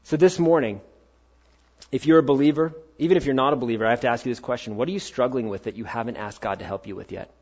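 A male pastor delivering a sermon in a middle-pitched voice. He fires punchy rhetorical questions and swings between loud urging and quiet asides. The sound is dull and slightly muffled. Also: fast.

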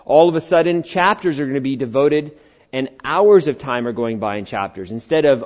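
A middle-aged man delivers a sermon to a church congregation, keeping the tone conversational and teasing as he trades remarks with his listeners. He slips into little character voices for the people he quotes, and his pitch sits in the ordinary middle range for a man. The recording sounds a bit muffled and dull. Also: moderate pace, a little mellow. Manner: conversational and playful, bantering with the congregation. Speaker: pastor.

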